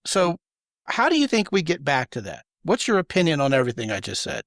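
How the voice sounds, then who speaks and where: A man's voice: fairly high pitch, wildly swooping pitch, brisk, a bit bright, dry recording, clean studio sound. A man hosting a podcast, talking in an emphatic, opinionated way and acting out the quoted voices he describes. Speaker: podcast host. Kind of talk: casual podcast conversation.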